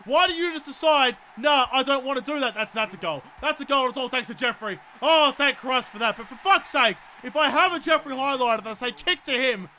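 A man's voice: extremely high pitch, animated, fairly quick, few pauses, bright, forceful tone, slight background noise. An Australian man commentating his own football video game, ranting and swearing at his players with bursts of sarcastic politeness. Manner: exasperated, swearing rants at the game. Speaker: gaming YouTuber. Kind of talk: let's play commentary.

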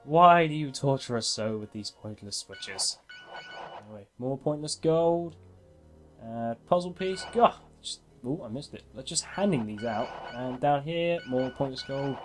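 A man's voice: medium pitch, a little mellow. A man hosting a game walkthrough in casual gameplay commentary, chatty and self-mocking, laughing often.

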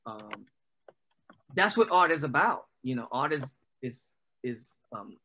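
Bright-voiced man chatting loosely. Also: mid-range voice, big pitch swings, slow, slight background noise. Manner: loose and conversational, heavy on "you know". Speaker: poet and guest. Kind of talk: casual interview answers.

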